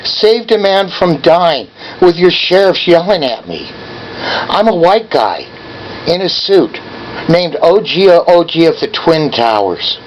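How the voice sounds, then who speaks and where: This caller, a man in his 70s, is confrontational and keeps badgering the person on the line at an office. He speaks slowly in a higher, sing-song voice, and the recording sounds dull with a little background noise.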